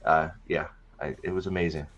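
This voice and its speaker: A man's voice: a bass voice, fairly even intonation, fairly quick, a bit bright, highs cut off. A man hosting a livestream podcast, chatting casually with joking, stammering restarts. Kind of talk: casual chat.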